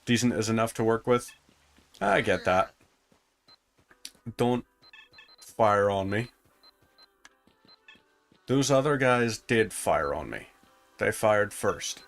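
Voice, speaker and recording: A man's voice: lowish voice, slow, long pauses, faint music behind. A man giving casual commentary while playing a game, chatting to himself as he goes. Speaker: gaming streamer.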